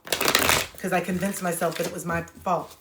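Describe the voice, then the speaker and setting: A woman's voice: on the low side, level tone, normal speed, reverberant, noisy background. A woman hosting a livestream, talking bluntly and preachily with slang, recorded on a phone. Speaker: livestream host giving spiritual advice. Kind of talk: casual livestream talk.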